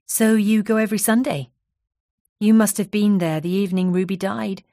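A woman voicing a kind hairdresser who speaks gently and reassuringly. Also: mid-range voice, little pitch movement, moderate pace, no room sound, clean studio sound, pitched above the performer's own voice, close to an everyday voice. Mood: gentle.

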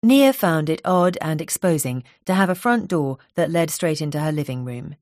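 A woman narrating a novel in a calm, even storytelling manner. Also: sits low, normal speed, dry recording, studio quality. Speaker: audiobook narrator.

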